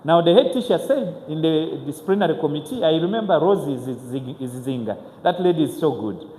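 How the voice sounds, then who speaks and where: A man, telling his own story to an audience as a motivational speaker, earnest and halting, with frequent restarts. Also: a little high, expressive, mellow, slight background noise. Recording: echoey hall with faint ambience.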